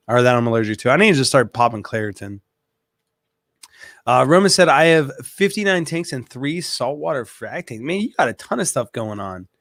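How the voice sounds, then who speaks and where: A man hosting a casual livestream chat, animated and laughing at his own stories, stuffy with allergies. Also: medium pitch, no room sound, clean studio sound. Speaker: aquarium shop host.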